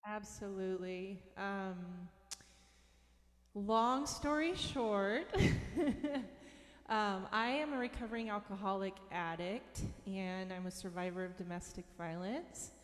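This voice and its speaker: A woman's voice: medium pitch, steady tone, normal speed, few pauses, big-room sound. A woman from Washington state sharing her personal story as an interview guest, earnest and giggly. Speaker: guest, recovery music minister.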